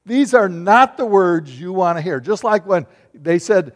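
A middle-aged pastor preaches a sermon with a storyteller's flair, his voice pitched a little high for a man. He's animated, swinging from booming bursts to hushed, confiding asides, at a slightly slow pace with few pauses. Each phrase trails off into the hall's long reverb.

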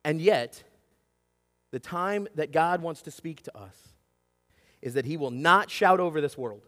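A pastor in his thirties preaches with lively storytelling, acting out shouts and whispers and repeatedly asking the congregation "right?". His voice is a little high and unhurried, with faint music behind and long hall reverb.

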